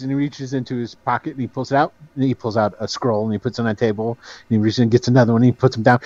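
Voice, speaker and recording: A man narrating as game master in a tabletop game, lively and full of fillers. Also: mid-range voice, fast talker, no room sound, lo-fi sound. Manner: lively, many fillers and character voices.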